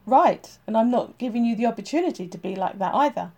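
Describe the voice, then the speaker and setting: A woman voicing a gruff male police chief who is firm and blunt with his detective, in an audiobook reading. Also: a little high, expressive, fast talker, darkish tone.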